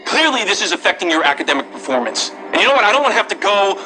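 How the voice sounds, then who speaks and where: A man's voice: high-pitched, big pitch swings, racing, pushed and bright, faint music behind, full character voice, poor audio. An actor playing a strict father who scolds and dismisses his son. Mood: scolding. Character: stern strict divorced father.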